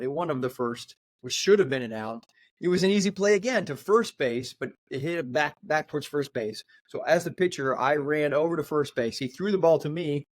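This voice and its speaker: A middle-aged man co-hosting a podcast, telling a story in casual chat, animated and laughing as he acts out quotes. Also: medium pitch, no room sound, studio quality. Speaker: podcast co-host.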